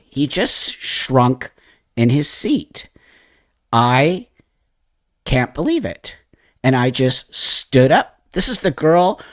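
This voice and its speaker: A man in his sixties hosts a live stream and pours out a personal story with raw feeling and plenty of swearing. His voice sits a little high for a man. The sound is close and dry, with no room around it. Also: no room sound. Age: 60s. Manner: emotional, profane, animated retelling with acted-out quotes. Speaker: livestream host. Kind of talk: casual livestream storytelling.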